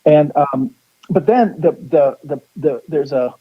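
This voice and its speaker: The sound is phone quality, carrying a slow, breathy man's voice on the high side. As a psychic guest on a radio program, he rambles through a story, often restarting sentences and acting out what its people said.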